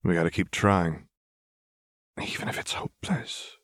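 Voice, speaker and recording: A man reading the part of a blunt, tough woman enforcer who talks in rough, casual slang. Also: low voice, a little slow, a bit bright, dry recording, studio quality. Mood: earnest. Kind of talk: audiobook reading of fan fiction.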